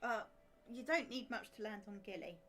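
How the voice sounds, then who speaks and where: A woman's voice: a little high, normal speed, a bit bright. A woman co-hosting a live game stream, playful and reading viewer messages aloud. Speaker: stream co-host. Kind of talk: live gameplay chat.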